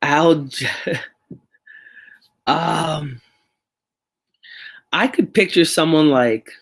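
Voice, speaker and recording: A man's voice: a little high, extremely slow, gravelly, a bit bright. A man hosting a casual sports talk show, rambling loosely and swearing freely. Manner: loose and profane, rambling with restarts. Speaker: podcast host.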